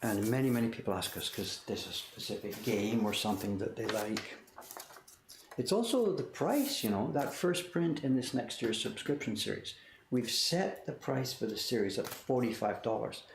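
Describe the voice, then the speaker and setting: Gravelly older man in an echoey room. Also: medium pitch, animated, moderate pace. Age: 60s. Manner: rambling, answers viewer questions, apologetic. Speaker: print shop owner and livestream host. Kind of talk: casual livestream chat. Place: workshop. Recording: echoey room, faint noise.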